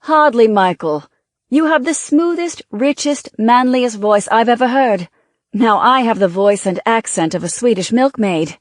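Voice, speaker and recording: A narrator putting on a bright, kind young actress. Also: female voice, fairly high pitch, animated, measured pace, no room sound, studio quality, pitched above the performer's own voice. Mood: reassuring.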